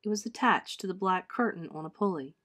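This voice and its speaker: A woman teacher reading a children's storybook aloud, expressive, lifting her voice for the characters' lines and dropping it softly for narration. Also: brisk. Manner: expressive, voices characters with pitch lifts and soft drops.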